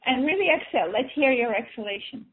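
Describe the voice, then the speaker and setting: A woman's voice: fairly high pitch, expressive, fast talker. Woman coaching breathing over tinny audio. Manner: gentle, coaxing, repeats and restarts phrases. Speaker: energy healer leading a breathing session. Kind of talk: guided breathing and emotional release session. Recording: tinny phone-like sound.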